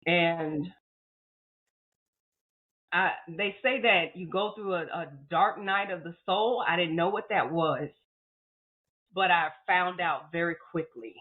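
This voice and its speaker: A woman's voice: on the low side, slow, long pauses. A woman guest telling a painful personal story in an interview, heartfelt and emotional, often repeating words and acting out her own past thoughts. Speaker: podcast guest. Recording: phone-like narrow audio.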